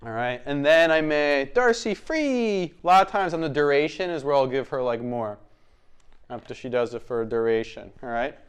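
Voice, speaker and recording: A man's voice: a little fast, clear, resonant tone. A man teaching dog training, explaining as he works with a dog. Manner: gives short commands and praise to a dog, explaining as he goes; slips into a high sing-song voice when talking to the dog. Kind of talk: hands-on training demonstration.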